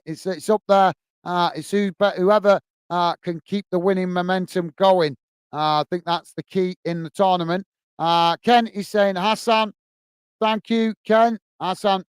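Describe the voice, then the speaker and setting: A man's voice: high voice, clean tone, no room sound. A man hosting a live football watch-along, reading out viewer comments and thanking them in a cheerful casual chat. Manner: upbeat, thanks viewers warmly, reads comments aloud slowly. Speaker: host.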